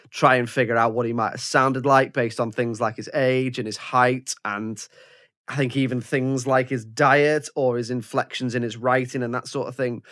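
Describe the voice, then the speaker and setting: A man's voice: medium pitch, fairly bright tone. A man hosting a film podcast, talking casually and often repeating words while he collects his thoughts. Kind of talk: casual film review chat.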